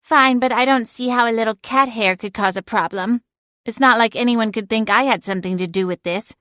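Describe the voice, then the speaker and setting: A woman's voice: a little high, fairly quick, fairly bright tone, dry recording, natural voice. A woman voicing a sardonic female talking cat familiar with a dry, teasing, unbothered manner. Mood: wry.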